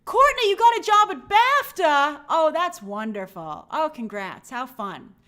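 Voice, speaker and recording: A woman's voice: high-pitched, very animated, unhurried, fairly bright tone. A woman hosting a live stream, chatting casually and greeting viewers by name in an upbeat, friendly way.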